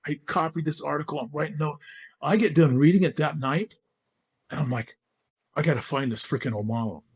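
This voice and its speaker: Older man, lively storyteller, higher voice, acts out quotes. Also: brisk, husky. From California. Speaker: guest, former football player. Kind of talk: storytelling in a podcast interview.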